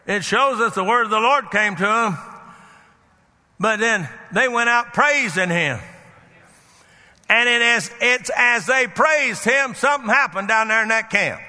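A man preaching a sermon as pastor, fervent and building up to shouts. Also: sits high, in a large hall.

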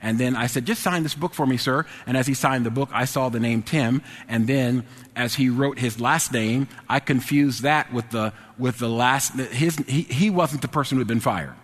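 A man telling a personal anecdote to an audience. He is animated, dropping to low mumbles and rising to loud, excited exclamations. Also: moderate pace. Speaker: storyteller. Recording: long hall reverb.

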